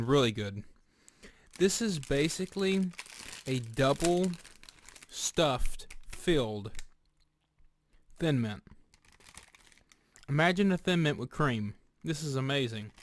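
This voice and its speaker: A man giving a casual snack review, speaking deliberately and pausing often with fillers and restarts. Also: medium pitch. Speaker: food reviewer. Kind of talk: casual product review vlog.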